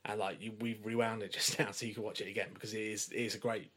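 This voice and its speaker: Man, low voice, podcast co-host, chatty and keen, swears freely. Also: flat delivery, fast, fairly bright tone. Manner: enthusiastic, chatty, swears casually. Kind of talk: casual film discussion.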